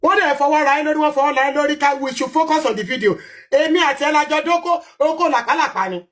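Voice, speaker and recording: High-pitched, very fast, scolding rant, live audio chat.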